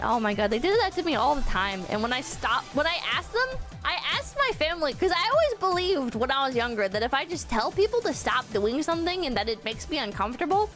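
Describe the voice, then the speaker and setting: A woman's voice: high-pitched, a bit bright. A young woman streamer chatting frankly and at length, swearing often and filling her talk with "like". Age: young adult. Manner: rambling, frank, swears often, many fillers. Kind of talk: casual stream chat.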